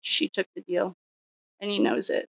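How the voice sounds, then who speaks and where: A woman's voice: mid-range voice, fairly even intonation, moderate pace, creaky, a bit bright, dry recording. A woman doing a casual solo tarot reading, musing and thinking aloud with frequent restarts. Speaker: psychic tarot reader.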